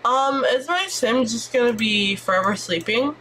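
Sex: woman. Style: excitable gameplay streamer. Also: a little high, normal speed, a little hiss or hum. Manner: excitable, swearing, exclamatory, chatty. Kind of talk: live gameplay commentary.

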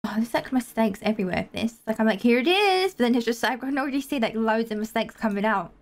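A woman with a slightly high voice talks her way through a game tour in a loose, chatty manner. She is excitable and quick to gasp or giggle, her sentences tumbling out as she goes. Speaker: gaming video host. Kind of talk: casual gameplay tour chat.

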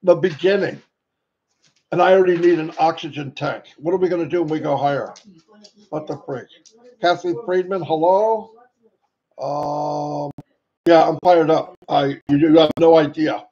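A man hosting a casual livestream, excitable and greeting viewers by name. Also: fairly high pitch, moderate pace. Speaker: livestream host. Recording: dull lo-fi sound, faint noise.

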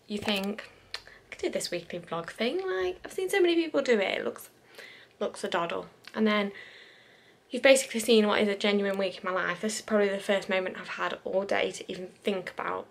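A woman's voice: mid-range voice, vocal fry, fairly bright tone. A British woman vlogging at home on her sofa, chatty and rambling, laughing at herself as she goes.

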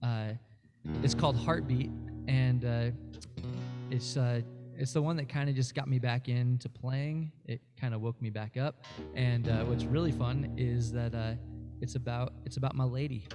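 A man's voice: medium pitch, fairly even intonation, moderate pace, music in the background. A man appearing as a guest musician, telling a rambling story in casual interview chat, full of fillers and restarts.

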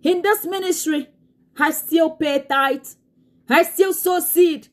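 A woman pastor preaching in an impassioned way, swinging into tearful shouting. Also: very high voice, slow pace. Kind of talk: sermon.

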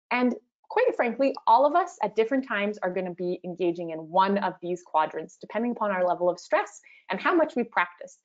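A woman's voice: medium pitch, highs cut off. A woman leading an online workshop on communication, chatty and conversational, acting out sample replies as she teaches. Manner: conversational, acts out example replies. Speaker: workshop facilitator.

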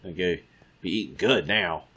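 A man's voice: sits low, moderate pace, sharp tone, a little hiss or hum. A man giving casual let's-play commentary, muttering to himself and taunting the creatures in the game. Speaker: gamer.

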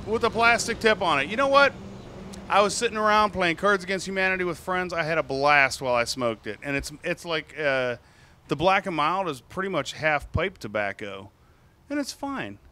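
A man's voice: high voice, normal speed. A man co-hosting a casual show, telling stories in an enthusiastic, chatty way. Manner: chatty storyteller, lively and enthusiastic. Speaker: podcast co-host. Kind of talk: casual chat. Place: bar or taproom.

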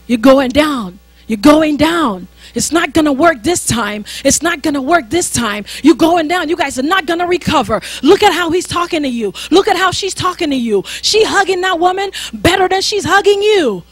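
A woman's voice: high-pitched, no room sound. A woman preacher voicing a cruel accusing spirit that taunts in mocking, repeated jabs.

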